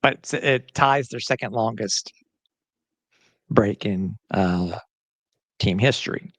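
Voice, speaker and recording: A man's voice: on the low side, slow, a bit bright, no room sound. Chatty man hosting a sports podcast. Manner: chatty, with frequent restarts and fillers. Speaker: podcast host. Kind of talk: casual sports podcast chat.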